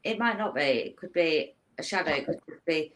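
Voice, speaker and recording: Polite, measured woman guest, lowish voice. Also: animated, slight background noise. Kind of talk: podcast interview.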